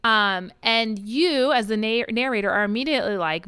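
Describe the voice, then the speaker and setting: A woman co-hosting a casual book podcast, recapping a novel with lively acted-out lines and laughter. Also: on the high side, moderate pace, hardly any pauses, smooth, dry recording, studio quality. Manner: animated retelling, acting out characters' lines with swearing and laughs. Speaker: podcast co-host. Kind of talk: casual book-club chat.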